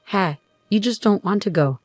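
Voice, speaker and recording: A woman's voice: mid-range voice, normal speed, darkish tone, no room sound, soft background music, close to an everyday voice. A woman voicing a harsh, bossy older mother-in-law in a storybook narration, speaking in a scolding, commanding way.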